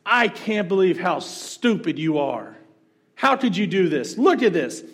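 A man voicing an angry restaurant customer yelling about his ruined suit. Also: high-pitched, very animated, measured pace, voice pushed up, heavily acted. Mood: furious. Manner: yelling, indignant. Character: rude angry male diner in ruined suit.

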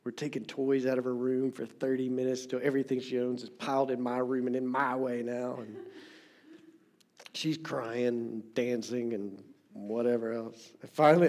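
A middle-aged male pastor with a medium-pitched voice preaches a sermon. He repeats phrases for emphasis, swinging from loud stresses to soft whispers.

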